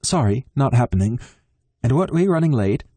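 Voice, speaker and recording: A man's voice: medium pitch, very animated, normal speed, dark tone, husky, no room sound. A male narrator voicing a playful, cheeky young man in a romance audiobook.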